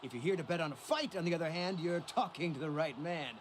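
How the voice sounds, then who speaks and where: An actor voicing a smooth-talking male arena betting agent in a video game, with friendly salesman patter. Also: on the high side, quick pace, slight background noise, natural voice. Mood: salesy.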